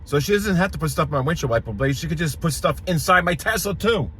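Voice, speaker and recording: A man vlogging about a stalker while he travels, anxious and full of questions, sometimes muttering low and sometimes breaking into excited high bursts. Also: quick pace. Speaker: paranormal vlogger. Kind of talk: vlog narration, talking to camera. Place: in and around his car on a road trip. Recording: noisy background, car and road sounds.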